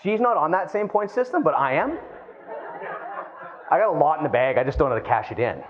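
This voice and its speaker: A man on stage giving a keynote, telling a personal story with lively, swinging delivery and talking straight to the crowd. His voice sits a bit high for a man. The recording sounds dull and lo-fi. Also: a little fast. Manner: animated storytelling, addresses the crowd as guys. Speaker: keynote speaker. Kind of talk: live keynote speech.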